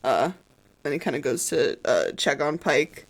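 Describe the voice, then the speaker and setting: Game master for a streamed tabletop game, mid-pitched, halting narration with fillers. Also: sing-song, vocal fry. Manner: loose, halting, with many fillers.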